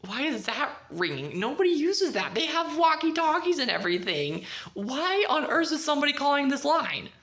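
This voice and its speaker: A woman voicing an exasperated teenage girl in a retold story, with shrill disbelieving outbursts. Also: big pitch swings, a little slow, long pauses, pushed and bright, heavily acted. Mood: puzzled.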